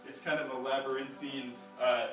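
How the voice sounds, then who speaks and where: A man's voice: mid-range voice, level tone, normal speed, fairly bright tone. A man narrating an interactive story to a live audience in a rambling, playful way, full of fillers, restarts and joking asides. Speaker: storyteller and comics reader. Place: live performance venue. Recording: echoey room from a distance with music.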